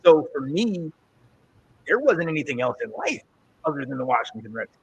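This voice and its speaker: A man in his forties from North Carolina, co-hosting a podcast, telling animated sports stories in a casual chat with frequent repeated words. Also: on the high side, moderate pace, creaky, husky. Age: 40s. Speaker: podcast co-host.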